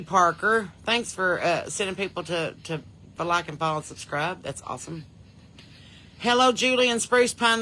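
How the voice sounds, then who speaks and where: A woman's voice: lowish voice, pushed and bright, a little hiss or hum. A woman with a Southern US accent hosting a casual podcast livestream, greeting viewers by name and home state in a chatty, folksy way. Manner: chatty, folksy, reads out viewers' names and places. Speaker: podcast host.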